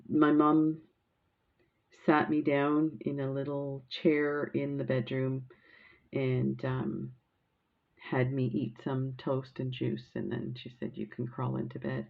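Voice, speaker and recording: A woman's voice: extremely low pitch, fairly even intonation, takes it slowly, vocal fry, narrow, tinny audio. A woman chatting casually while showing off craft supplies, rambling into a childhood story and gushing over sparkle. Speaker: crafting vlogger.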